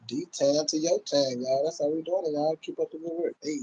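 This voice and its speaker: A man's voice: a little high, normal speed, few pauses, a little mellow, lo-fi sound, a little hiss or hum. A man chatting loosely and calling out to his viewers on a home livestream. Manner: laid-back, loose talk, calls out to viewers constantly. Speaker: livestream host. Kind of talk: casual livestream chat.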